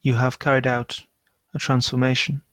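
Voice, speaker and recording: A man narrating a tabletop game as game master, unhurried and often searching for words. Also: mid-range voice, level tone, a bit bright, dry recording.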